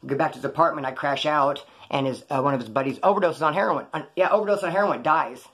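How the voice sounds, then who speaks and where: A husky, slightly high-voiced man rattling off his story at a rapid clip. He tells it casually, in slang and swearing. He slips into the voices of the people he quotes. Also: fairly bright tone. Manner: slangy and profane, acts out quoted dialogue. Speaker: former inmate telling his story.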